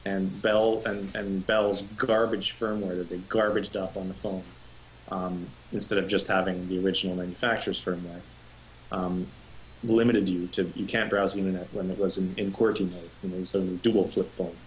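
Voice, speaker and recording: A man's voice: low-pitched, little pitch movement, normal speed, rough recording. Male co-host, casual stream chatter, rambling anecdotes, salty language, faint background hum. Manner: rambling storyteller, swears freely. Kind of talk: casual live-stream chat.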